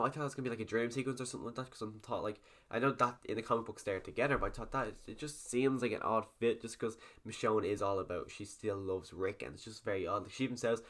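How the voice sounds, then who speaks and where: A young man giving a rambling, animated video review of a TV episode, swearing freely as he goes. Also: lowish voice, fast talker.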